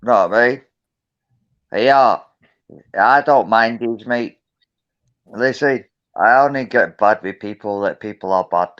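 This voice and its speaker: A man's voice: lowish voice, measured pace, pauses often, a bit bright, dull audio. A tipsy man calling into a casual chat who rambles in a loose, friendly way. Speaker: caller.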